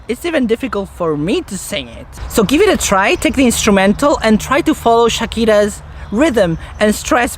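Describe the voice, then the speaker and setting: A woman's voice: medium pitch, slight background noise. A woman from Spain with a Spanish accent, playfully explaining word stress in a casual talk to camera. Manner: playful, demonstrates stress patterns aloud. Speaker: language vlogger. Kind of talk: casual explainer with sung examples. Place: outdoors in a forest.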